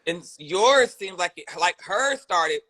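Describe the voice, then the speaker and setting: A woman's voice: on the low side, expressive, slow, bright, forceful tone. A woman hosting a casual conversational interview, sympathetic and asking probing follow-up questions. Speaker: host.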